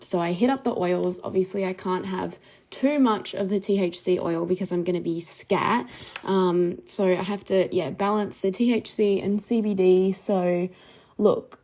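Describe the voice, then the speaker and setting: Brief: young female podcast host, mellow mid-pitched voice, rambling conversational storytelling. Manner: chatty, many ums and likes, laughs while telling, whispers quoted lines. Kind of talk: casual storytelling monologue.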